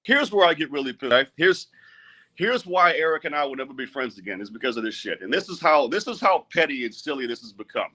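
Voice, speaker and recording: A man's voice: on the high side, animated, fairly quick, pushed and bright. A middle-aged man, an arm wrestler, speaking bluntly and with a lot of swearing in a heated live-stream rant. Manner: profane, blunt and agitated.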